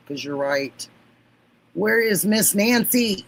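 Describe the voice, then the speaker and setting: A woman hosting a livestream, chatting warmly with viewers and laughing often. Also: mid-range voice, lively intonation, takes it slowly, creaky, slight background noise, poor audio. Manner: gushing, affectionate, laughs often. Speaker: livestream host. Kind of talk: casual livestream chat.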